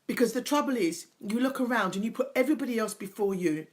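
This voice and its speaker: A woman's voice: fairly high pitch, expressive, fast. Middle-aged woman, motivational host, earnest, emphatic, repeats key phrases, openly emotional. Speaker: host, confidence coach. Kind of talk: motivational talk to viewers.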